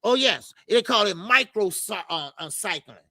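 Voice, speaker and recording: Gravelly, high-voiced man hosting a boxing stream. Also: lively intonation, moderate pace, bright, forceful tone, no echo. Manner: loose and profane, lots of filler stammers. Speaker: boxing show host. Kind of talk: casual live-stream chat reading comments.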